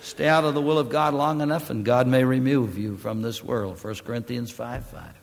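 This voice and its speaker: A man preaching a sermon emphatically, swelling to loud declamation and dropping back low. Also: fairly even intonation, moderate pace, creaky, in a large hall.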